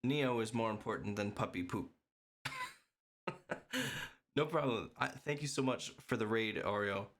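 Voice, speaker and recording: A man's voice: fairly low pitch, unhurried, pauses often, fairly bright tone. A man streaming, chatting casually with viewers in a playful way and laughing often. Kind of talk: casual chat.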